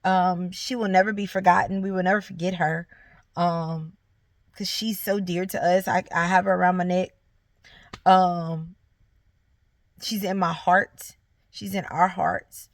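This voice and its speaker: Earnest woman with a gravelly edge. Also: on the low side, little pitch movement, a little slow, pauses often, no echo. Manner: earnest, encouraging, speaks directly to viewers. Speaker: vlogger sharing her story. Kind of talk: heartfelt faith testimony to camera.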